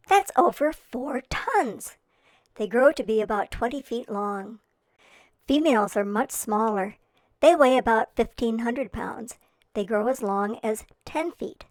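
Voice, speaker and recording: A woman reading a children's picture-book quiz about seals, explaining slowly and clearly with playful questions. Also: on the high side, no echo.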